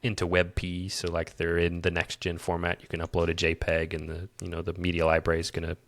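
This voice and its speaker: Delivering everything completely flat and quickly, a man with a low, slightly bright voice talks about his project. This Midwestern podcast co-host and developer rambles on a casual tech show, restarting often, with no room sound in the recording.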